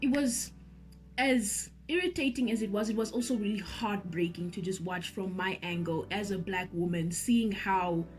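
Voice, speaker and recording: A woman telling a story to her viewers in a lively, animated vlog, speaking straight to the audience. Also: medium pitch, normal speed, soft background music. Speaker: vlogger and singer.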